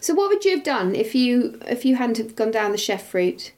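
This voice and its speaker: A woman's voice: a little high, very animated, normal speed, darkish tone. A woman, hosting a podcast interview in a playful, teasing way. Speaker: podcast host. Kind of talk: casual interview chat.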